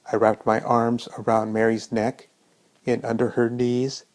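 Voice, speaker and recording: Gravelly guy reading a first-person story, slow and thoughtful. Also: medium pitch, mellow.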